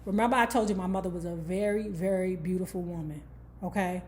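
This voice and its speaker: A woman's voice: fairly low pitch, fairly even intonation, fairly quick, darkish tone, slight background noise. A woman from Washington, D.C. hosting a book club vlog, casually retelling a life story with candid, profane asides and frequent "okay?" check-ins.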